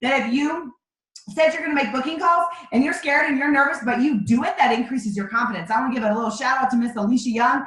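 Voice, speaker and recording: A woman's voice: high voice, fast talker, fairly bright tone, roomy sound, rough recording. A woman leading her sales team in a motivational training over a video call, talking in a direct, emphatic coaching way. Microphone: video call microphone.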